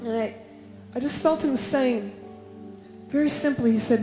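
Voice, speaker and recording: A woman's voice: on the high side, a little slow, mellow. A woman preaching and praying fervently at a conference, with emphatic, repeated phrases. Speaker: conference speaker. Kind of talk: sermon with prayer. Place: large conference hall. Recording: echoey hall with faint music.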